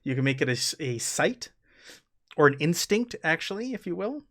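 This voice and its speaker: A man's voice: fairly high pitch, sing-song, normal speed, a bit bright. A young man narrating a tabletop game as game master, laughing often as he describes scenes.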